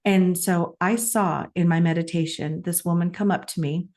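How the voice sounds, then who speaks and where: A middle-aged woman with a slightly low voice tells a personal story in an earnest, reflective way. She co-hosts a conversational podcast and often laughs between emotional moments. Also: fairly even intonation, moderate pace, a little mellow. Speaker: podcast co-host.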